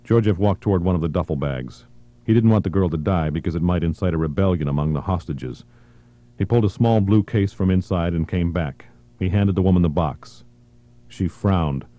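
A man reading a thriller audiobook in a measured, even narration. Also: sits low.

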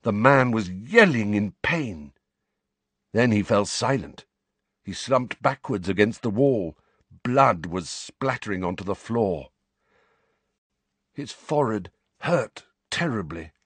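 A man reading a novel aloud as an audiobook narrator, with dramatic, expressive storytelling. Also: on the low side, slow pace, pauses often, husky, dry recording. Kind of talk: scripted narration.

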